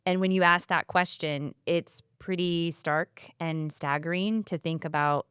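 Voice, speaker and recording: A woman's voice: on the low side, fairly even intonation, unhurried, fairly bright tone, smooth, dry recording, studio quality. A woman from a community foundation talking in a casual, heartfelt podcast conversation, speaking chattily and often saying "like".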